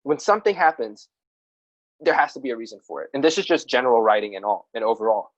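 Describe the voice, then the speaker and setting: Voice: mid-range voice, lively intonation, quick pace, lo-fi sound. A podcast co-host chatting casually about writing, rambling, restarting sentences and laughing at themself.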